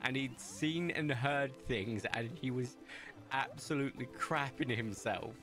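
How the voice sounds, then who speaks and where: A young man talks through his game stream in a loose, rambling way, drifting from gameplay into stories. His voice sits at an ordinary middle pitch. Quiet game music plays under him. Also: a little slow. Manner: chatty, rambling, storytelling asides. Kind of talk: casual gameplay commentary. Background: faint game music.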